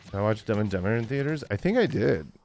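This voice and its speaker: Man, 40s, game streamer, tired, lowish voice, loose rambling chat. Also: sing-song, fast talker, a little mellow, faint music behind. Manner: rambling, many fillers, chuckling often. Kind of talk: casual gaming livestream chat.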